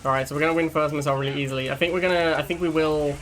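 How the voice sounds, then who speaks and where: A man's voice: on the high side, fairly even intonation, rapid-fire, a bit bright, soft background music. A young man casually commentating a strategy game match, chatty and laughing at his own jokes. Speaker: gaming channel host. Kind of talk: live gameplay commentary.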